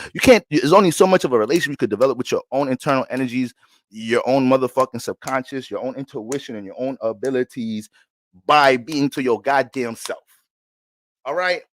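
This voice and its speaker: A man's voice: mid-range voice, no echo. A man talking casually and profanely about astrology on his own channel, joking as he goes. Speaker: astrology vlogger. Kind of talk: casual monologue.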